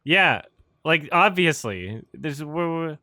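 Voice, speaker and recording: A man with a bright, forceful voice trashing a movie in a relaxed commentary chat. He is blunt and quick to laugh, and his pitch moves around a lot. The recording is close and dry. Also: no echo. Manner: blunt, critical, laughs often.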